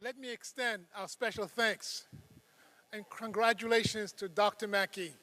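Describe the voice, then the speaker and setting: A man's voice: high voice, steady tone, normal speed, sharp tone. A man, a university official, giving formal ceremony remarks, emphatic and repeating his thanks.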